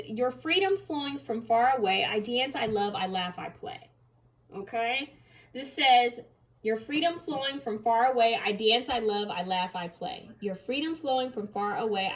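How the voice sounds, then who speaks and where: A young woman giving a casual tarot card reading, chatty, repeating key phrases and reading card text aloud slowly. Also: fairly high pitch, a bit bright.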